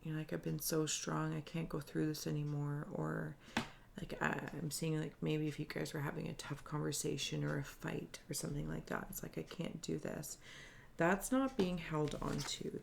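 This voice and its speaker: A woman giving a spiritual reading, speaking softly and earnestly in halting, searching phrases that she often restarts. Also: low-pitched, creaky, a little hiss or hum. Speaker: spiritual reader. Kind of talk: improvised intuitive reading to camera.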